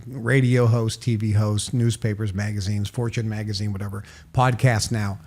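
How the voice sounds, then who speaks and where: An older man from Massachusetts, a podcast guest telling animated stories and acting out quoted dialogue with sudden jumps in pitch. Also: moderate pace. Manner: emphatic, acts out quoted dialogue with raised pitch. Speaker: podcast guest, author and marketer. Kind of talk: animated interview storytelling.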